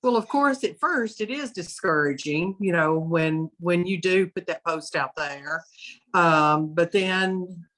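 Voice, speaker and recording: A lower-voiced woman speaking up on a group call, reflective and a little hesitant as she works through her answer. She talks plainly, with small pauses. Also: fairly bright tone. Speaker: team member on the call. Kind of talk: casual reply on a group call.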